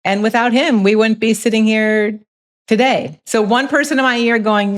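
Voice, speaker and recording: A woman's voice: a little high, steady tone, normal speed. A middle-aged woman hosting a podcast, chatting and reflecting in a casual conversation. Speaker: podcast host.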